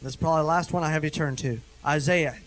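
A middle-aged man preaching a sermon as a minister, animated, darting through quick asides and slowing down to read scripture with heavy emphasis. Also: a little high, a little hiss or hum, rough recording.

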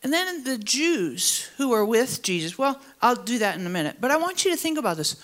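High-voiced woman preaching with sweeping emphasis. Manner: animated preaching, swings up high for emphasis and drops low and slow; asks the congregation to fill in words. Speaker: pastor. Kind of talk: sermon. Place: church service, also streamed online.

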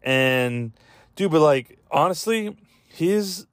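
A man's voice: a little high, lively intonation, slow pace, no room sound. A man in casual podcast chat who rambles with lots of fillers and swearing, choked up and close to tears. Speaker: podcast host.

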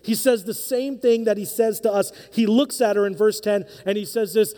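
A man's voice: sits high, steady tone, normal speed, warm tone, in a large hall. A man preaching a sermon, earnest and conversational, acting out quotes from the people and figures he speaks about. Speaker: pastor. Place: church sanctuary.

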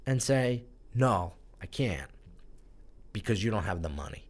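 A man's voice: lowish voice, sing-song, unhurried. Candid man telling a personal story. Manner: candid, emotional, swears casually. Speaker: guest, brand strategist. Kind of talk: conversational interview storytelling.

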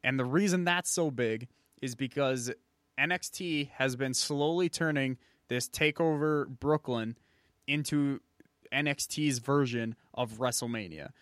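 A man's voice: medium pitch, unhurried, fairly bright tone, no room sound, studio quality. A man co-hosting a podcast, reacting upbeat and chatting casually about wrestling events. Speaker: podcast co-host.

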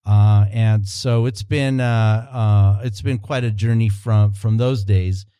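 This man's voice sits on the low side and is mellow, clear and resonant, with fairly even intonation and a slow pace. Working as a cultural consultant and consulting producer, he rambles through long stories in a relaxed podcast interview, often restarting and using fillers.

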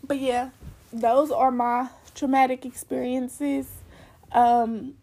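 A woman's voice: high voice, level tone, slow pace, dark tone. A young woman telling a personal story in a candid, rambling way, full of fillers.

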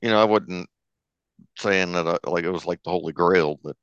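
A man chatting casually about a movie, easygoing and quick to laugh. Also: sits low, clear, resonant tone, no echo, dull audio. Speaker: podcast co-host. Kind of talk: casual movie review chat.

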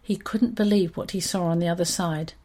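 A woman with a fairly low voice reads a children's story aloud. Her telling is expressive and steady, with an even, unhurried delivery.

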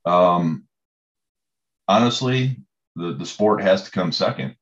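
A man's voice: sits low, lively intonation, slow pace, dull audio. A man, a coach, telling stories in a conversation, rambling with many fillers and restarts. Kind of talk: storytelling in conversation.

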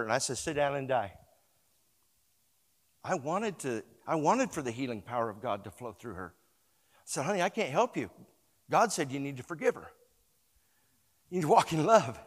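A male pastor preaching a sermon and telling a story, moving between hushed retelling and loud, emphatic exhortation, and calling on the congregation to repeat words after him. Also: on the high side, big pitch swings, moderate pace, pauses often, big-room sound.

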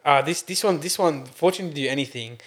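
A young man co-hosting a podcast, telling stories with animated, sweary, laughing banter. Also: fairly high pitch, fairly quick. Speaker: podcast co-host. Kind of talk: casual chat.

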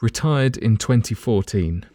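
A man's voice: on the low side, expressive, a little slow, warm tone, no echo, clean studio sound. A man hosting a casual football quiz among friends, reading clues and teasing the players. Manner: teasing, reads clues with playful asides. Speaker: quiz host.

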